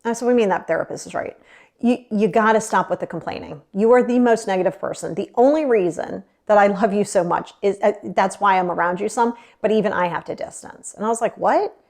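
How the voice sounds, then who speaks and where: Candid woman with a gravelly edge. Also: medium pitch, fast talker. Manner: candid and expressive, mimics voices in retellings. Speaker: guest. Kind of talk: casual storytelling.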